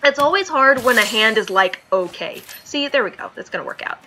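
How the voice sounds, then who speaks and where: A young adult woman chatting casually and thinking out loud as she plays a card game. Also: on the high side, expressive, a little fast, slight background noise, rough recording. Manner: chatty, thinks aloud while playing. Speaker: streamer. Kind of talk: casual gameplay commentary.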